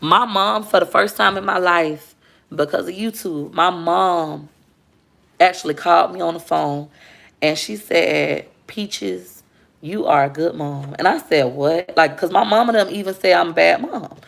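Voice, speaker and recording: A woman speaks candidly to her livestream viewers about motherhood. Her voice sits low with a gravelly fry. She talks with heartfelt openness and calls the audience y'all. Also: moderate pace, a bit bright. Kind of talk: emotional personal storytelling on a livestream.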